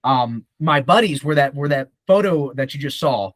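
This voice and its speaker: A man's voice: medium pitch, moderate pace, dry recording. Profane young man telling a story. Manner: profane, animated storytelling with quoted voices. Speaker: podcast guest. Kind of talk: casual storytelling.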